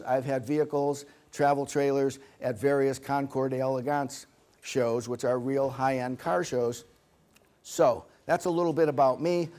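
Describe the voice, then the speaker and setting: A man presenting a seminar to a live audience, a joking storyteller who slips into acted quotes. His voice sits a bit higher than most men's. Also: a little mellow. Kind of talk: humorous seminar talk.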